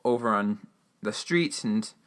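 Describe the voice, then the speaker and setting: A man's voice: fairly low pitch, expressive, unhurried, clean tone. A man hosting a podcast, giving a casual, rambling recap of a radio drama episode with lots of fillers and restarts. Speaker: podcast host.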